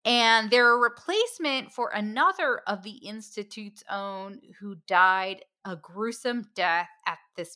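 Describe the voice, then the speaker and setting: Slow-talking bright-voiced woman podcast host. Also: mid-range voice. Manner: unhurried, self-deprecating about pronunciation. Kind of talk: casual book-review chat.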